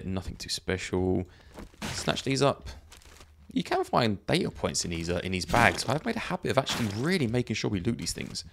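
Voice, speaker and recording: Gravelly-voiced man narrating gameplay. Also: sits low, fairly bright tone, a little hiss or hum. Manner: chatty, laughs often, thinks aloud. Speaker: gaming YouTuber. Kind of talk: let's play commentary.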